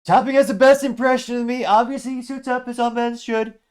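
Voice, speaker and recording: A podcast host doing a boastful older politician, all bluster and self-praise. The voice jumps high above the man's own and turns pinched and strained. It is loud and pushed, a deliberately poor impression played for laughs. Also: steady tone, smooth.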